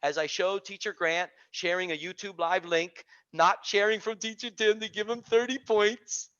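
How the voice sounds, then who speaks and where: Guy with a high voice hyping up his teacher group on a call, super energetic and preachy, audio kinda dull. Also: normal speed. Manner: energetic, preachy, repeats phrases for emphasis. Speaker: online teaching community host. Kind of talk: animated motivational talk on a video call. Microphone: video call.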